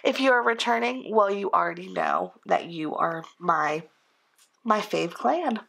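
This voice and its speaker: A woman's voice: medium pitch, expressive, a little slow, gravelly, a bit bright, husky. Crackly-voiced woman with a cold. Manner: chatty, rambling and self-deprecating. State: hoarse from a cold. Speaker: planner vlogger. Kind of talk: casual chat.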